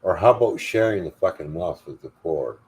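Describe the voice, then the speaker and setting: An older man with a low-pitched voice rants on a livestream. He swears constantly and sounds defiant and furious, hammering every point home. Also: expressive, a little fast, darkish tone. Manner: angry, profane, defiant. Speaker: livestream host. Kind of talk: angry profane rant.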